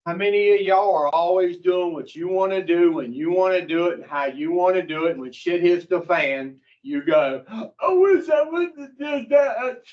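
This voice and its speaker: A man's voice: on the high side, normal speed, few pauses. A man, teaching an addiction recovery group, who talks bluntly, swears freely and keeps putting questions to the room. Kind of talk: classroom talk to a recovery group. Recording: dull lo-fi recording.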